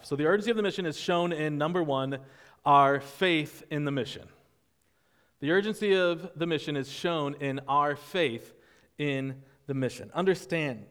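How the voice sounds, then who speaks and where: Pastor, male, slightly higher voice, preaching with animated energy; church hall with long reverb. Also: clean tone. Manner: animated, acts out disciples' reactions in voices. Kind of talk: sermon. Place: church sanctuary.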